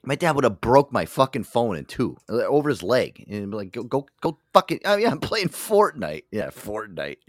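A man's voice: on the low side, sing-song, normal speed, few pauses, no echo, clean studio sound. A man hosting a podcast, chatting casually and telling profane, joking stories. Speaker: podcast host. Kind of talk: casual chat.

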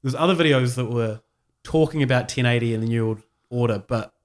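A man's voice: mid-range voice, brisk. A man with a New Zealand accent co-hosting a casual podcast, rambling with frequent laughs. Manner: rambling, laughs often, many fillers. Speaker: podcast co-host. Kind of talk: casual chat.

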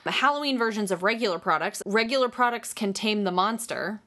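A podcast co-host with a mid-range voice chats casually, animated and quick to laugh.

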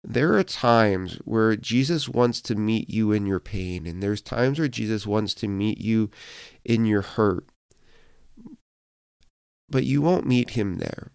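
A man's voice: fairly low pitch, animated, slow, gravelly, darkish tone, clear, resonant tone, no echo, studio quality. A man pastor giving a devotional podcast sermon, earnest and personal, with fillers and restarts, telling a Bible story in quoted voices.

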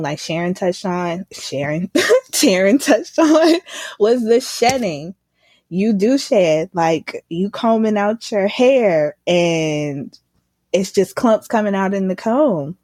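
A woman tells a story in relaxed conversation, full of energy. She laughs often and jumps into high squeals when she quotes herself. The recording is dry and close. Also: dry recording. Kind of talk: casual chat.

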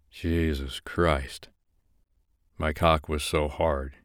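A man hosting and narrating, reading a fiction excerpt aloud in a slow, measured first-person delivery. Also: a bass voice, steady tone, dry recording, studio quality. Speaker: narrator and host.

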